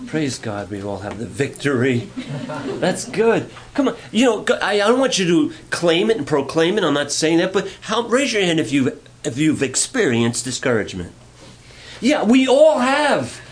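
A man's voice: fairly high pitch, very animated, moderate pace, slight background noise. A male pastor giving a conversational, playful sermon, asking the congregation questions.

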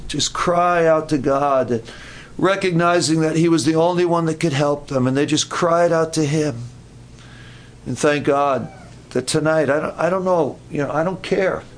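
A man preaching a sermon at a camp meeting, earnest and given to repeating his words. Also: on the high side.

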